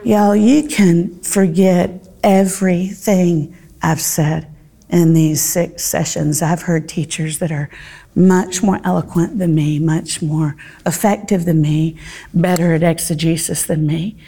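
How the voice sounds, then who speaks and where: A middle-aged woman, teaching a Bible study and telling a story in an earnest, heartfelt way, with pauses and fillers. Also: on the low side, steady tone, vocal fry, mellow.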